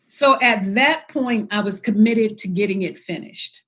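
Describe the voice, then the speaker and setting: A woman's voice: medium pitch, a little slow, fairly bright tone. A woman poet as an interview guest, talking reflectively and telling stories about her writing, acting out her inner voice as she goes. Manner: storytelling, acts out her inner voice in quotes.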